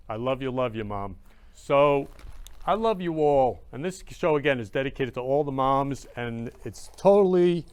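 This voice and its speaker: A man hosting a casual livestream show, talking warmly and effusively and saying "love you" over and over. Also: mid-range voice, clean tone. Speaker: show host.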